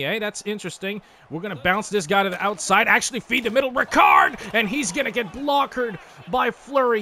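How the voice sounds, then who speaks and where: A man giving excitable, casual commentary over a hockey video game, swearing freely and talking to the players on screen. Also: high-pitched, a little hiss or hum. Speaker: gaming YouTuber. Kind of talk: live gameplay commentary.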